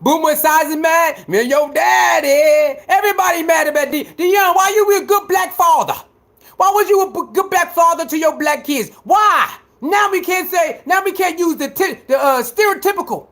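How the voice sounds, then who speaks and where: High-pitched man in a heated profane rant. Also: normal speed, a bit bright. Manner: repetitive, mocking, heated. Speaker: sports commentator.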